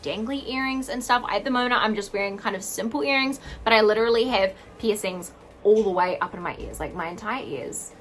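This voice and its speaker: A young woman vlogging an excited unboxing at home, gasping and gushing over each item. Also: fairly high pitch, slight background noise. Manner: gushing, gasping, lots of "oh my God".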